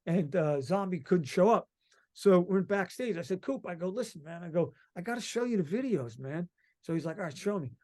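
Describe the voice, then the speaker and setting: Excitable Long Island musician rambling. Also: male voice, sits high, moderate pace. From Long Island, New York. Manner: excited, rambling, swears freely. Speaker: musician guest. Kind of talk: casual interview chat.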